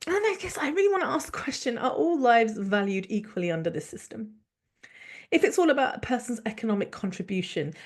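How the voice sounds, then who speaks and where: A woman, hosting a solo podcast and ranting in an angry, sweary, sarcastic way. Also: mid-range voice. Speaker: podcast host.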